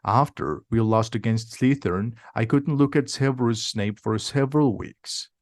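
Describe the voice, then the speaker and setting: A strict older witch who teaches and speaks in a firm, measured way, read out by a man. The storybook voice stays at the reader's own middle pitch, dry and close. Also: no echo, close to an everyday voice. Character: stern older woman teacher of magic.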